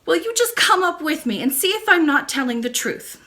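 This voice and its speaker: A woman voicing an earnest little girl princess who pleads and speaks up high. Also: sing-song, fairly quick, bright, forceful tone, exaggerated voice. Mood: pleading.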